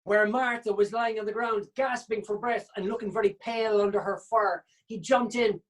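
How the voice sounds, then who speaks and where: A woman comedian hosting an improv show from home over a video call, telling a group story in a lively way and jumping into character voices. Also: medium pitch, normal speed.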